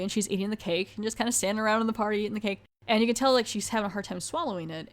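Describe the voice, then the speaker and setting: A woman on a podcast recaps a horror film in a loose, conversational way. She keeps slipping into quoted dialogue and her own exasperated asides, with a middle-range voice. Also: mid-range voice. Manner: chatty, retells scenes with quoted voices and reactions. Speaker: podcast host. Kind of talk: casual movie review recap.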